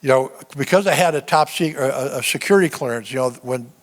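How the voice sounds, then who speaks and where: A man in his seventies, a veteran and guest speaker, giving a personal testimony sermon in halting storytelling with many restarts. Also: medium pitch. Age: 70s. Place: church sanctuary. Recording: long church-hall reverb.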